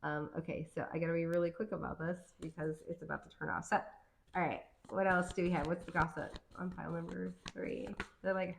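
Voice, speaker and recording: A chatty woman reads tarot cards in a slightly low voice and rambles from thought to thought with plenty of fillers. She sounds playful and easygoing. Her voice carries an echo from the room. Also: little pitch movement, brisk, creaky, slight background noise. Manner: playful, laughs easily. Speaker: tarot card reader. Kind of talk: casual tarot reading.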